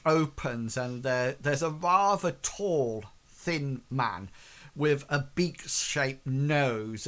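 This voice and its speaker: A man's voice: fairly high pitch, fairly bright tone. A man narrating as game master of a tabletop game, hesitant, with many fillers. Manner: hesitant, many fillers, puts on quick voices for townsfolk.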